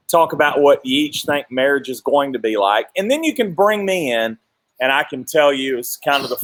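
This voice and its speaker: A man's voice: mid-range voice, fairly bright tone. A man hosting a live sports talk show, joking with a guest, teasing and congratulating him. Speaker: sports broadcaster and show host.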